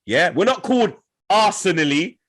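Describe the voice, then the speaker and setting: A man's voice: high voice, big pitch swings, normal speed, a bit bright. A young man, hosting a football podcast and trash-talking rival fans in heated, laughing banter.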